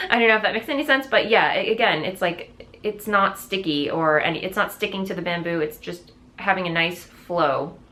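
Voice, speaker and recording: A woman hosts a knitting vlog and chats to her viewers in a loose, rambling flow full of fillers and restarts. Her voice sits a little low for a woman but has a bright, forceful edge. She sounds eager and keeps doubling back mid-sentence. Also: normal speed. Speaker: knitting video podcast host. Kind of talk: casual chat to viewers.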